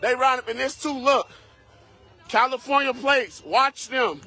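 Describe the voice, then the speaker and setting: A man from Minnesota filming on his phone on a city street, taunting and shouting in a heated confrontation. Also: very high-pitched, unhurried. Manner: shouting, taunting, repeating himself. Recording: loud crowd on a city street.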